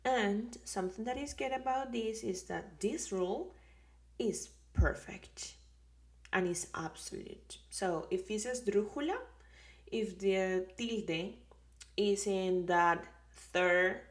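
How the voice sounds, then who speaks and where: A woman with a Colombian accent teaching a Spanish lesson, explaining patiently and repeating words slowly. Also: medium pitch.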